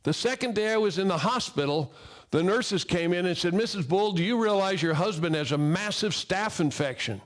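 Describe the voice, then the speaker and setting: A middle-aged man telling a personal story about fall protection to an audience, acting out the dialogue in an animated way. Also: high voice, normal speed. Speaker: fall protection equipment speaker.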